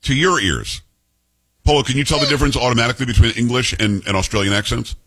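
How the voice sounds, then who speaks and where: A man hosting a talk radio show, chatting casually in an animated, opinionated, jokey way. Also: mid-range voice, fast talker, slightly rough, low-quality recording.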